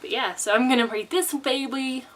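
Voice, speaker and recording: Bubbly high-voiced woman book vlogger. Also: moderate pace, a bit bright, slight background noise, rough recording. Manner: chatty, bubbly, with laughs and restarts. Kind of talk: casual book chat.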